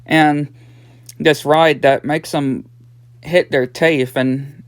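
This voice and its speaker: A man's voice: on the high side, steady tone, extremely slow, no echo, clean studio sound. A nineteen-year-old man casually recapping a cartoon episode, rambling along with lots of "yeah" and "and" fillers. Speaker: episode reviewer.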